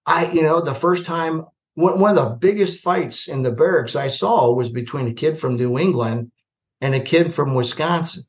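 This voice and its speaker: Older man, from the midwest, retired general as podcast guest, animated anecdotes, muffled call audio. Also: on the high side, normal speed. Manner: plainspoken, animated storyteller who acts out remembered dialogue. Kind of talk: conversational storytelling on a podcast.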